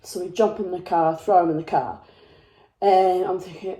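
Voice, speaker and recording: Woman, dramatic storyteller, mellow voice, echoey room. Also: lowish voice, fairly even intonation, normal speed. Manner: dramatic, breathless retelling with put-on voices. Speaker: vlogger. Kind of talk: casual storytelling to camera.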